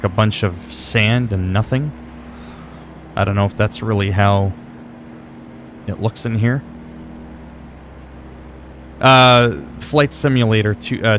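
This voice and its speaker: A male game streamer with a fairly low voice talks casually through his live gameplay. He answers his chat with wry, offhand remarks and mild curses. A faint hum sits under his voice.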